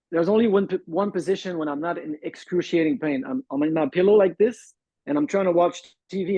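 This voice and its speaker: A French-speaking guest from Montreal recounts his recovery in an interview, heard on a muffled call with dull, dry lo-fi audio and no echo. His fairly high voice is warm with a breathy edge. He tells it earnestly and haltingly, performing the lines he quotes.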